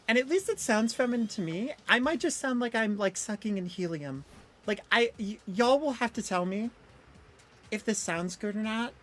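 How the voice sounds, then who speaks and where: Young female streamer, casual and rambling, lively pitch. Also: moderate pace, soft background music. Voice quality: fairly deep for a woman. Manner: chatty, self-deprecating, many fillers. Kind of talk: casual live-stream chat.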